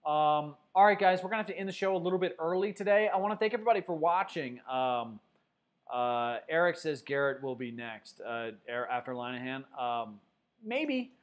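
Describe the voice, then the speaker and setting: A man with a somewhat high voice hosts a loose sports stream, reading comments from his viewers. He talks casually and teases the chat, with lots of ums and uhs between points. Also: animated, normal speed. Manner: chatty, teasing viewers, many fillers. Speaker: sports show host. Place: Denver.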